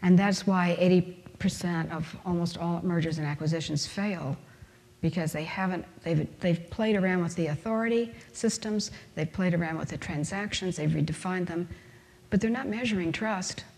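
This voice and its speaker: Low-voiced woman lecturing in a reverberant hall. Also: moderate pace, darkish tone. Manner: emphatic, rhetorical, uses everyday examples. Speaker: conference speaker. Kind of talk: conference lecture.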